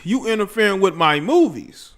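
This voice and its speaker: A man hosting a casual livestream, his voice sitting a little high for a man. He rambles in slang and talks straight to the people in his chat. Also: big pitch swings, normal speed, creaky, fairly bright tone. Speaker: livestream host.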